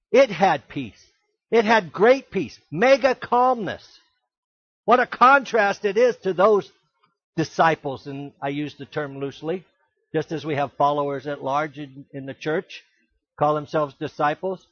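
Man, pastor, sermon, high voice, emphatic, rhetorical questions, dull muffled sound. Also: dry recording. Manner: emphatic preaching, with rhetorical questions and sudden loud exclamations.

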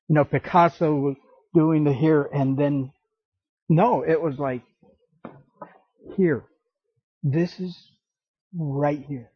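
A man preaching a sermon as pastor, slow and emphatic, acting out the scripture quotes. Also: on the high side, slightly rough, no room sound, dull audio.

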